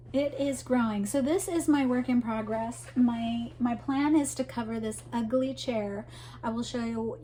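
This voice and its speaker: A woman's voice: mid-range voice, dark tone, a little hiss or hum. A woman hosting a crochet podcast, chatting casually to camera about her projects, rambling with asides to viewers. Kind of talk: casual show-and-tell chat to camera.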